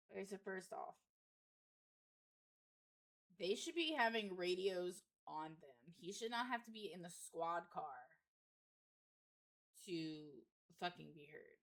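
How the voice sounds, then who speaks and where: A woman's voice: on the low side, expressive, takes it slowly, pauses often, fairly bright tone. Wry woman streamer reading a horror game. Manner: wry, sarcastic commentary.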